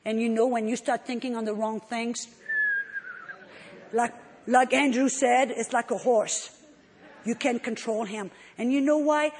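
A woman preacher giving an emotional, expressive testimony in a sermon. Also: a little high, unhurried, pauses often. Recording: long hall reverb.

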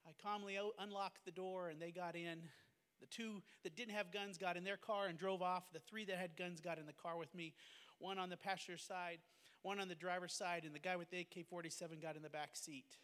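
High-voiced pastor telling his testimony. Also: little pitch movement, fairly quick, fairly bright tone, clean tone, big-room sound. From United States. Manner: earnest, fervent, emotional. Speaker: pastor and missionary. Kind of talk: personal testimony storytelling.

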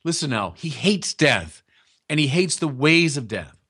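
A man's voice: fairly high pitch, very animated, unhurried, fairly bright tone, slightly rough. A man preaching a sermon in a conversational, emphatic teaching manner, often speaking straight to his listeners.

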